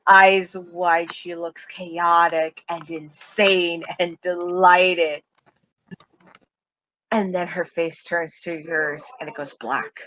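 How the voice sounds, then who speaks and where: A woman's voice: fairly low pitch, level tone, slow, a bit bright, rough recording. A woman running a tabletop role-playing game as game master, narrating scenes in vivid detail with the odd filler.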